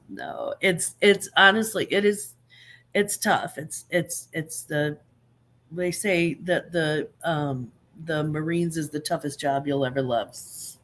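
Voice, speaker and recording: A woman's voice: deep voice, takes it slowly, fairly bright tone. A woman in her fifties hosting a live stream, chatting casually and rambling with many fillers and restarts, laughing often between remarks. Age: 50s.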